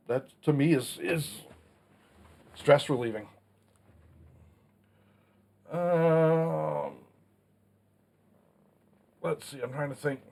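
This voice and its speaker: Blunt, down-to-earth man in his 40s, mid-pitched, casual solo vlog delivery. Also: darkish tone. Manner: blunt, plainspoken, mildly profane. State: has the hiccups. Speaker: channel host answering a Q&A.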